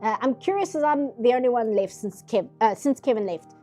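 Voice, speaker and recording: Chatty South African woman, higher voice. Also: lively intonation, brisk, warm tone, soft background music. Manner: chatty, enthusiastic, laughs often. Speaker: artist streaming live. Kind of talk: casual chat while drawing. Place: home office.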